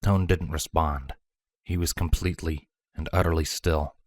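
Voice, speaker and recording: Man, very deep voice, measured dramatic story narration, dry close sound. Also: steady tone, no echo. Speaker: fanfiction reader.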